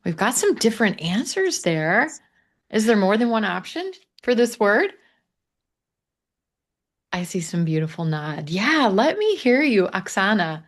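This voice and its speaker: A man with a Missouri accent teaching English pronunciation in a live online class, modeling phrases slowly for learners to repeat. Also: high voice, very animated, a bit bright. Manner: slow, drawn-out model phrases. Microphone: video call.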